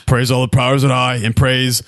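A man's voice: mid-range voice, flat delivery, moderate pace, fairly bright tone, dry recording, clean studio sound, close to an everyday voice. A man playing a rambling pompous church leader. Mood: mock-pious. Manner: rambling, mock-pious. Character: scheming self-important male church leader. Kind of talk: improvised comedy sketch.

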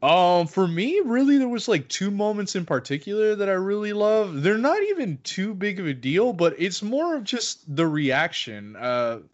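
A New man with a high-pitched voice, a podcast co-host, chats animatedly about films, swearing freely and acting out scenes at normal speed with few pauses. His bursts rise and fall with big pitch swings as he retells moments, and the lo-fi audio is a little muffled.

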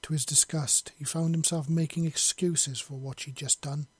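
A man narrating a fantasy story in a steady, measured read. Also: on the high side, breathy edge, no echo.

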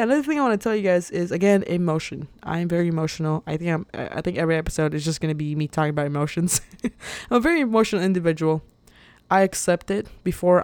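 A woman's voice: on the low side, a little mellow, dry recording. A young woman hosting a podcast, talking casually and motivationally with lots of fillers and frequent laughs. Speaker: podcast host.

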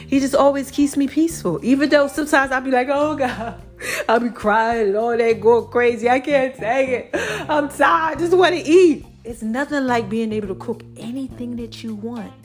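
A woman hosting her own faith podcast in a casual, preachy monologue, animated and laughing often. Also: high voice, moderate pace, soft background music. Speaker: podcast host.

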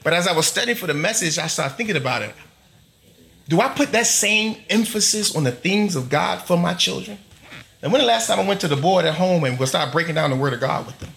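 A middle-aged man preaching in church with a high, bright voice that swings widely in pitch. He presses his points emphatically, stacking long rhythmic lists. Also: lively intonation, a little fast, gravelly, a little hiss or hum. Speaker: pastor. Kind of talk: sermon. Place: church before a congregation.

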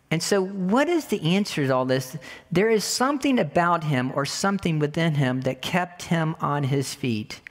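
A woman preaching a sermon in a conversational way, repeating words for emphasis and asking the listeners rhetorical questions. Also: sits low. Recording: long hall reverb.

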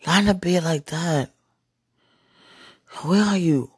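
Woman, husky breathy voice, intimate monologue, slips into whispers, dry close sound. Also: on the low side, takes it slowly, dry recording. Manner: breathy, slips into whispers, repeated sighing exclamations. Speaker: podcast speaker.

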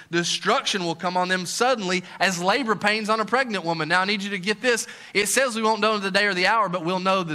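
A middle-aged male pastor preaching a sermon, swinging from soft, intimate lines to loud, excited ones with joking asides. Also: sits high.

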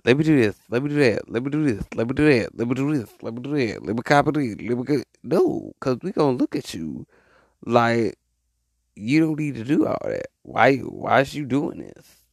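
A man giving casual relationship advice to women in an animated, repetitive, rambling way, often mocking. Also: medium pitch, normal speed, gravelly, dry recording, clean studio sound.

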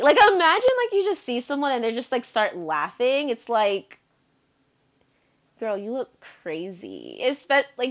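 A young woman in her twenties from the United States telling a story in a casual monologue, animated and slangy, swearing freely and cutting herself off. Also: mid-range voice. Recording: dull lo-fi sound.

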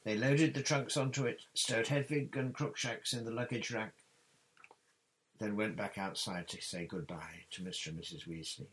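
A man with a deep, low voice reads a novel aloud. His narration is plain and steady, an amateur audiobook. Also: normal speed, slight background noise, poor audio. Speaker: reader. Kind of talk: audiobook reading.

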